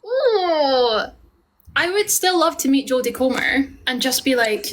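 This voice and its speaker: A chatty Scottish woman, a musical theatre performer, hosts a casual live stream. She answers viewer questions in a fairly high voice, with affectionate words for her audience. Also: lively intonation, normal speed, fairly bright tone. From Scotland. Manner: chatty and affectionate, calls viewers darling and lovely.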